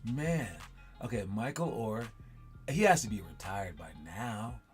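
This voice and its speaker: A man's voice: fairly low pitch, very animated, measured pace. Male host, stutters, rambly casual commentary, faint music underneath. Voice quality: stutters, repeats words. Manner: rambling, wanders off mid-thought. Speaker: podcast host.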